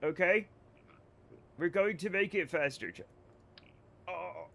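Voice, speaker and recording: American guy streaming games, kinda high voice, rambly and jokey with chat. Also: slow pace, gravelly, a bit bright, a little hiss or hum. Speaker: game streamer. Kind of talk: casual livestream chat.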